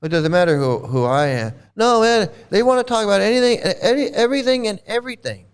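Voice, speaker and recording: A man's voice: high-pitched, lively intonation, fast, smooth. Indignant man ranting on a livestream. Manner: indignant, mocking rant with repetitions. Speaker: livestream host. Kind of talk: casual livestream commentary.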